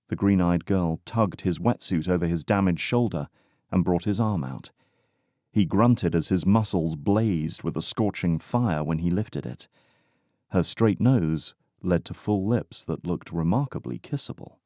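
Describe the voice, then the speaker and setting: A man narrating a romantic suspense audiobook in a measured, even way. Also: low-pitched, no room sound, clean studio sound. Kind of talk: scripted narration.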